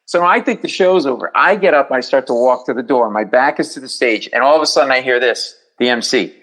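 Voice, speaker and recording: A middle-aged man spins stories with a comic's timing, breaking into voices for the people in them. His voice sits at an ordinary middle pitch. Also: fast talker, fairly bright tone, rough recording. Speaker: comedian guest. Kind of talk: podcast storytelling.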